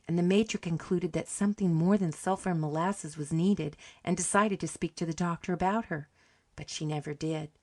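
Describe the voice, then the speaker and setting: A woman narrating a short story audiobook in a calm, measured way. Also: fairly low pitch.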